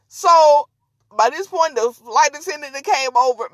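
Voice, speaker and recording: A woman podcast host telling a story in an animated, slangy, casual way and laughing often. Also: high-pitched, measured pace, dry recording.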